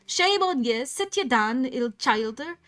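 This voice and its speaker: Woman doing a croaking preachy old servant, high-pitched and slow, storybook reading. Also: animated, fairly bright tone. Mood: scolding. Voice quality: croaking, mock rustic dialect. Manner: slow, scolding.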